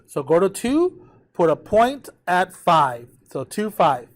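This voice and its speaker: Tired male math teacher, high voice. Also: big pitch swings, slow. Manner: checks in with students often. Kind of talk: live classroom lecture at a whiteboard.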